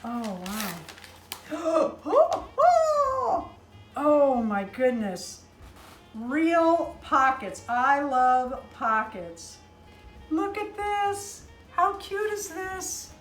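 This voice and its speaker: A woman's voice: sits high, expressive, extremely slow, faint music behind. A middle-aged woman opening handmade doll gifts on a casual vlog, gushing and exclaiming often, sometimes flustered and choked up.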